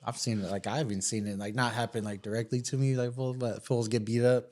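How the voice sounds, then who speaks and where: A man co-hosting a podcast, chatting in a relaxed way full of fillers. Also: medium pitch, quick pace. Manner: relaxed, filler-heavy talk. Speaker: podcast co-host. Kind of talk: casual podcast chat.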